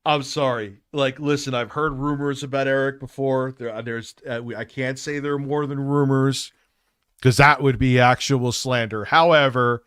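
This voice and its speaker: A man's voice: medium pitch, fairly even intonation, normal speed, a bit bright, clean tone, no room sound. Male streamer, mocking and combative, dry mic. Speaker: livestream host. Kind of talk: reaction commentary on a livestream.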